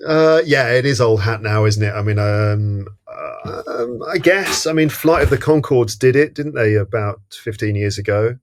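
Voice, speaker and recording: A man's voice: medium pitch, moderate pace, hardly any pauses, slight background noise. A man co-hosting a podcast, casually discussing a film in a thoughtful way with frequent ums and restarts. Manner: thoughtful, many fillers and restarts. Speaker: podcast co-host.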